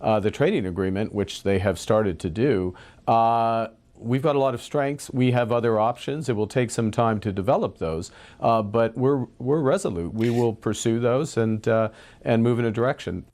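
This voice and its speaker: A man answering news interview questions in a deliberate way, pausing often with "uh". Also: mid-range voice, darkish tone. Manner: deliberate, with frequent "uh" pauses. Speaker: interviewed politician.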